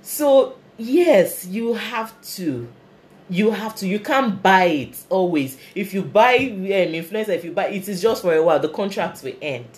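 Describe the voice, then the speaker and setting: A woman's voice: mid-range voice, expressive, a little slow, a little mellow. A Nigerian woman in her thirties who runs a fashion business, giving earnest, motivational talk on a live stream and answering viewer comments. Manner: earnest and motivational, repeats key phrases.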